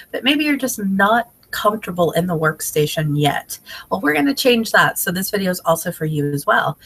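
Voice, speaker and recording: A woman's voice: medium pitch, fairly bright tone. A woman in her thirties talks straight into a webcam, chatty and upbeat, running a casual team training. Her voice is stuffy and congested from a head cold, and she keeps her energy up anyway. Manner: chatty and upbeat, many fillers. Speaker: direct sales team trainer. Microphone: webcam video call.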